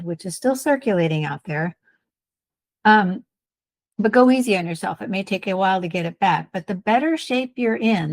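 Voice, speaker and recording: A woman's voice: medium pitch, a little mellow, no echo. A woman co-hosting a health podcast, giving plain-spoken, encouraging advice on exercise and breathing like a respiratory therapist. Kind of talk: casual advice chat.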